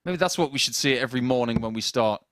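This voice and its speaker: A man's voice: medium pitch, quick pace, fairly bright tone, no echo, studio quality. A man commentating on darts, chatty and joking with his co-commentator. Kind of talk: live sports commentary with banter.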